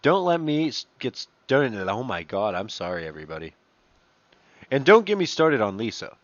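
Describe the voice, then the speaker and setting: A man reads posts aloud in a casual commentary voice and breaks off into swearing and mockery. His pitch sits in a middle range. The sound is dull and slightly lo-fi, dry and close with no room echo. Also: sing-song, normal speed. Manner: profane, mocking asides between read-out messages. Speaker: commentator reading online posts.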